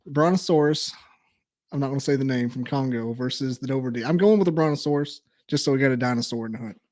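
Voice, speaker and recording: Man, podcast guest, middle-pitched voice, jokey, thinks out loud. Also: fast talker. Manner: jokey, laughs, thinks aloud with "like" and "uh". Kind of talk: casual podcast chat.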